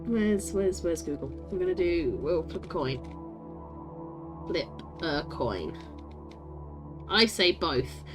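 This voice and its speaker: A woman's voice: lowish voice, animated, slow, pauses often, faint music behind. A woman streaming a story game, chatting with her viewers, laughing often and swearing casually.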